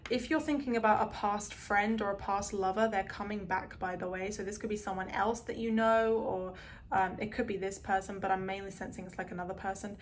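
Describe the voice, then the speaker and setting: An earnest, emotional woman talks her viewers through a tarot card reading in a steady, middling-pitched voice, a little fast. She rambles and circles back, filling gaps with "um" and "like," while a faint hiss sits beneath her.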